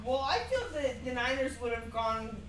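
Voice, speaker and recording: Woman chatting on a stream, high voice, sounds like an echoey room with faint noise behind. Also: moderate pace. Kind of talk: casual live-stream chat.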